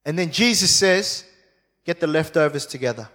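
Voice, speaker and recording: A man preaching a sermon, telling the story in a lively, jokey way and acting out the voices of the people in it. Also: on the high side, brisk, in a large hall.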